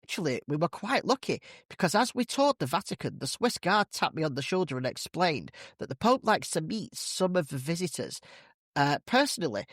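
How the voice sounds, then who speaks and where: A man's voice: high-pitched, a bit bright, no room sound, studio quality, exaggerated voice. A man voicing a cheerful woman who boasts about her trip in a told joke.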